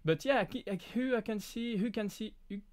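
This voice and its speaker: A man from France with a French accent, whose first language is French, hosting a casual live Q&A and talking in halting bursts full of restarts. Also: high-pitched, darkish tone. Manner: halting, frequent restarts and fillers. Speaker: live stream host.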